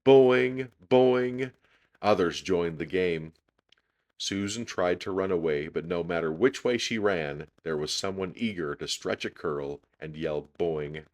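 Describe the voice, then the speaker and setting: Deep-voiced guy reading a kids book aloud, expressive, measured. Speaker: storyteller. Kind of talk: children's book read-aloud.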